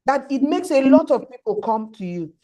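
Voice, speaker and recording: A woman's voice: high-pitched, lively intonation, normal speed, dark tone. A woman teaching girls in an online class, earnest and emphatic, repeating her key points.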